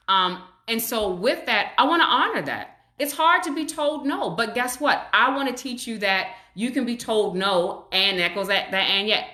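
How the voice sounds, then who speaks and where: A woman's voice: mid-range voice, roomy sound. A woman who is a child psychologist, hosting a live stream on parenting and talking viewers through their comments in a reassuring way. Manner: warm, reassuring, acts out parent and child voices. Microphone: webcam or phone on a live stream.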